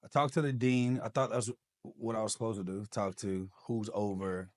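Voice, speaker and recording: A man's voice: fairly low pitch, normal speed. A man, a podcast guest telling his own story with lots of energy and acting out the people in it. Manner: animated, acts out quoted dialogue. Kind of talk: personal storytelling.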